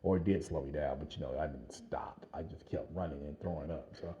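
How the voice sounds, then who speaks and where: Deep-voiced man telling an animated story. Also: fairly quick, muffled recording. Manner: animated, laughs often, lots of fillers. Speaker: vlogger telling a personal story. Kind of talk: casual storytelling.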